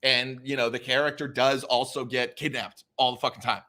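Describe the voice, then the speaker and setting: A man co-hosting a casual chat, ranting excitedly and swearing in mock fury. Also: medium pitch, a little fast. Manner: animated, ranting, profane, mock-furious. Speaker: podcast co-host.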